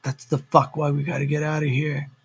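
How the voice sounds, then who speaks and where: Guy doing a tough prisoner fighter, husky, low and urgent. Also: completely flat delivery, brisk. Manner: low, urgent, blunt, swearing.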